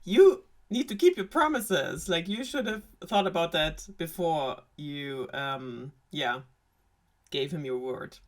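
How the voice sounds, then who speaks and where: A woman's voice: sits low, expressive, slow. Offhand shrugging king, as a woman plays him. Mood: dismissive. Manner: shrugging, matter-of-fact. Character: offhand, unbothered old king father.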